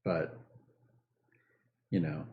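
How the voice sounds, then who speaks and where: A man streaming a board game, joking with the other players in quick casual chat. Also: narrow, tinny audio. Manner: jokey, quick interjections.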